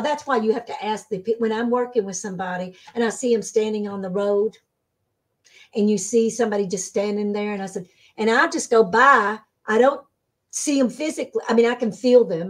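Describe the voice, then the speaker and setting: A woman being interviewed as a spiritual medium, telling stories in a casual, animated way and acting out the voices she quotes. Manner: animated, acts out quoted voices with sudden pitch jumps. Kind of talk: casual storytelling.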